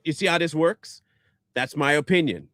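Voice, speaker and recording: A man's voice: on the high side, normal speed, a bit bright, no echo. A man ranting back at viewer comments in a combative, sarcastic, insulting way. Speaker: online commentator.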